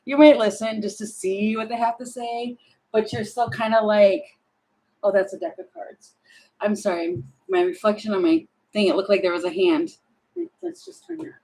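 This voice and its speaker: A woman's voice: mid-range voice, moderate pace, mellow, rough recording. A woman doing a casual tarot reading to camera at home, chatty and laughing, talking to herself between cards. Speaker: tarot reader.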